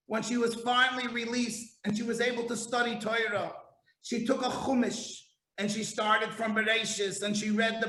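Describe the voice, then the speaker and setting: A man preaching a sermon as a rabbi, passionate, dropping to quiet asides and climbing to near shouts. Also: very high voice. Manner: impassioned, swings from hushed to shouting. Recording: roomy echo.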